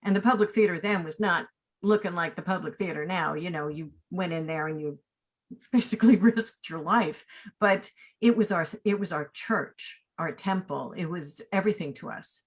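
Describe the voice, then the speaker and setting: A woman in her sixties, a casting director being interviewed, who tells personal stories in an animated, rambling way full of asides and tag questions. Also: lowish voice, moderate pace. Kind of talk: remote interview, personal storytelling.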